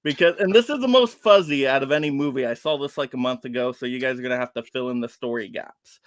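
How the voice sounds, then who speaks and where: A man reviewing films in a casual online round-table chat, animated and exasperated when he picks apart a plot. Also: medium pitch, fast, dry recording, studio quality. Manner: animated, exasperated ranting about plots.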